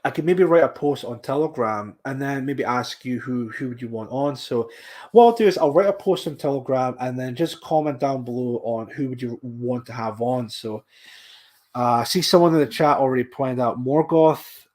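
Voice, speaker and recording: A man's voice: mid-range voice, normal speed, darkish tone. A man from Scotland with a mild Scottish accent, hosting a podcast and chatting casually while reading out viewer comments. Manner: rambling, with frequent restarts and fillers. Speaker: podcast host.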